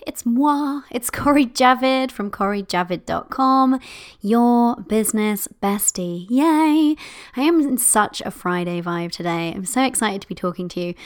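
A woman hosting a podcast as a business coach, bubbly and gushing, laughing often and calling listeners "my love". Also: a little high. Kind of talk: upbeat podcast monologue.

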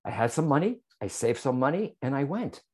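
Animated man telling his story. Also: medium pitch, a little fast, slightly rough. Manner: animated, speaks straight to the host, frequent "right?" and "okay?". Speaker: psychic medium guest. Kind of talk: storytelling in an interview.

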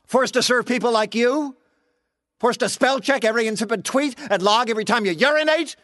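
An actor playing a clingy, passive-aggressive male digital assistant in a scripted audio comedy, speaking in a mild, deadpan way. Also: extremely high pitch, a little fast, no room sound. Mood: plaintive. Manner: deadpan, mild and dry, turning plaintive.

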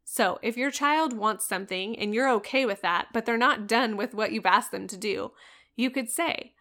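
A woman's voice: fairly high pitch, moderate pace, pushed and bright. A woman in her thirties hosting a parenting podcast, talking straight to listeners in an earnest, coaching way. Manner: earnest, coaching, direct address. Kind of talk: solo podcast advice talk.

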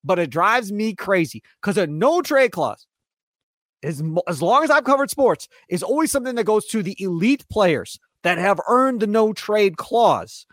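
A man with a high, lively voice rants on a sports radio show, his pitch leaping about as he gets worked up. He is recorded dry and close on a studio mic. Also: moderate pace, no echo. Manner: excitable, ranting, mock voices for players. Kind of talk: animated sports radio rant.

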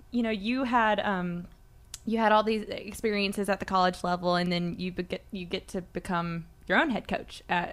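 A woman hosting a podcast interview in a studio, attentive and quick to laugh, asking questions. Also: medium pitch, a bit bright.

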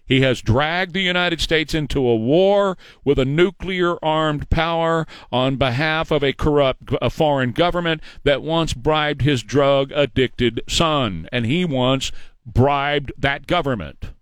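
A man's voice: on the high side, a little slow, clear, resonant tone, no echo. A man hosting a talk radio show in a studio, emphatic, ranting and sarcastic.

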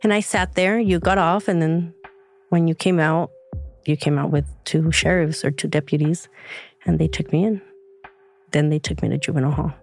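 A woman's voice: deep voice, steady tone, moderate pace, darkish tone, faint music behind. A woman, reflecting on her past in an emotional personal story, close to tears at times. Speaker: guest, younger sister.

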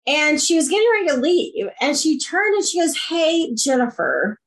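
A woman guest on a podcast interview, talking in an enthusiastic, animated storytelling way. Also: very high-pitched, brisk. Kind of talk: casual interview chat.

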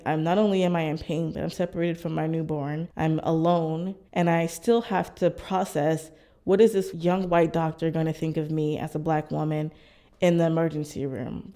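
A woman's voice: low-pitched, vocal fry, dark tone. A woman in her thirties candidly recounting a personal experience, acting out what others said. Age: 30s. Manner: candid, reflective, acts out others' lines. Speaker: interviewee sharing her story. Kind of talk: personal storytelling.

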